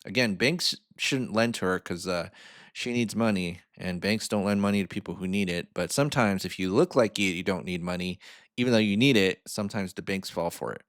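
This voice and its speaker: A man with a low voice talks through a video he is reacting to. His delivery is loose and conversational, and he often tags his points with a quick "right?". The sound is dry and close. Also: fairly bright tone, no echo. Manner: chatty, asks "right?" often, frank opinions. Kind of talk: casual commentary on a video.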